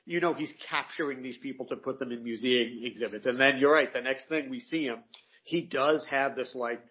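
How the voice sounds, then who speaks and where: A man's voice: medium pitch, a little fast, lo-fi sound. A man co-hosting a comics podcast in casual chat, describing pages enthusiastically with many fillers.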